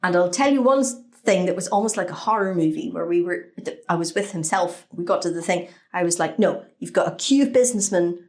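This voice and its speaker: A woman's voice: on the low side, fast, few pauses. A Northern Irish woman co-hosting a podcast, telling stories in casual chat and swearing freely. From Northern Ireland. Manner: animated storyteller, swearing freely. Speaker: podcast co-host.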